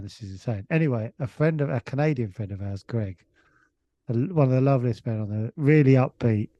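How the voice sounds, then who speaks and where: With no room sound and a muffled recording, a middle-aged English comedian guest tells a rambling casual anecdote in a warm, mid-range voice. He keeps restarting and chuckling as he goes.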